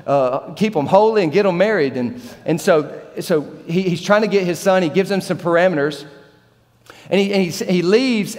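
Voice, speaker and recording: A man in his thirties preaching a sermon as pastor, animated and joking, acting out the Bible characters in different voices. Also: high voice, long reverb tail. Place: large church hall.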